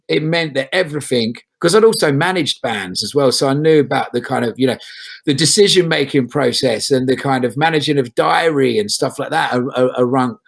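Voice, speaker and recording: Man, gravelly, husky, rambling casual chat, swears a lot, podcast guest. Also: mid-range voice. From England. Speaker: folk singer guest.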